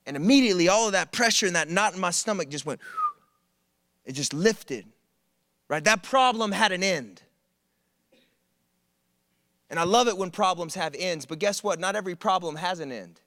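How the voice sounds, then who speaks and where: A man preaching a sermon, telling stories in an animated, conversational way with humor. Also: sits high, moderate pace, long pauses, no room sound, studio quality. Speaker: preacher at a college ministry. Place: church service.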